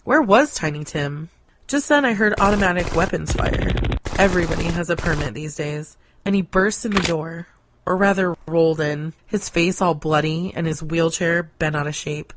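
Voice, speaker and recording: Deadpan woman reading a story. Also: fairly low pitch, moderate pace, noisy background. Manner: deadpan, sardonic delivery. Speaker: narrator.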